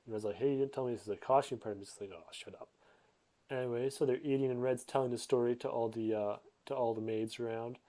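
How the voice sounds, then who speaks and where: A man's voice: medium pitch, steady tone, quick pace, hardly any pauses, dark tone. A man giving a rambling, casual retelling of a comic, full of fillers and restarts, loosely voicing the characters. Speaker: narrator summarizing a comic.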